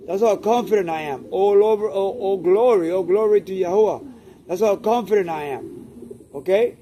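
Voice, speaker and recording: A man's voice: high-pitched, normal speed, warm tone, slight background noise. An older man from Cuba, a pigeon breeder talking casually to camera, emphatic and repetitive, often tagging "okay?" onto his points.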